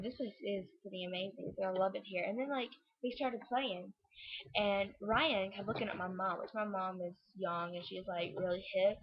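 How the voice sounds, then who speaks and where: Excitable teen girl vlogger, slightly husky voice, rambling delivery, lo-fi webcam audio. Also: mid-range voice. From Louisiana, US. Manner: gushing, rambling, full of "like" and "oh my God". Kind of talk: excited storytelling vlog.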